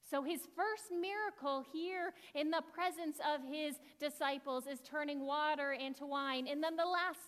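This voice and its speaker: A woman's voice: high-pitched, normal speed, few pauses, a bit bright. A woman pastor giving a chatty, conversational sermon with asides to the congregation. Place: church sanctuary. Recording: long church reverb.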